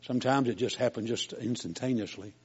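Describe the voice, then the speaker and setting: A man's voice: medium pitch, brisk, darkish tone, husky, muffled recording. An older man preaching a sermon in a folksy, homespun storytelling way, as a preacher.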